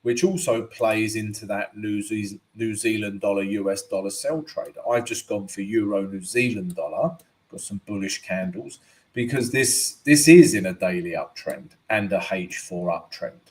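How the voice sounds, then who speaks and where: A man's voice: lowish voice, moderate pace, a little mellow. A man hosting a live forex analysis stream, chatty and tagging most points with "right?". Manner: chatty, keeps adding "right?". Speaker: forex trading host.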